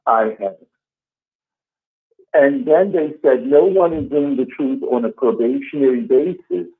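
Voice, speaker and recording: A man's voice: medium pitch, measured pace, breathy edge. A man explaining things earnestly as a guest in a casual call-in chat. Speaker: quiz contestant and guest. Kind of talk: casual storytelling. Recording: tinny phone-line call.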